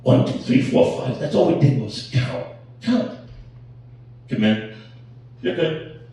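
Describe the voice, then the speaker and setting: A middle-aged man doing a crude stand-up set, telling stories with animated delivery. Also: medium pitch, takes it slowly, far from the mic, slight background noise. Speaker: stand-up comedian. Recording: echoey room, heard from off-mic.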